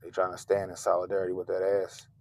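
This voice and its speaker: Speaking quickly in a low register, a man hosts a commentary channel, ranting about politics with plenty of profanity. His tone is mocking and lively, marked by abrupt loud bursts and mumbled side remarks.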